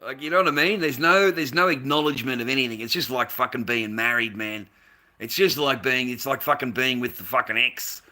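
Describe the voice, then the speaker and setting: This Australian volunteer has a mid-range, steady voice that's fairly quick and sharp. In a casual, angry rant to camera, he recounts a workplace dispute, swearing and repeating himself as he complains about how badly he was treated.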